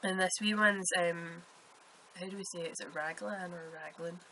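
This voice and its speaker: Chatty Scottish woman, bright low voice. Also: fairly even intonation, moderate pace, a little hiss or hum, rough recording. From Scotland. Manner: chatty rambling storyteller. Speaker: podcast host. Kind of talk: casual chat.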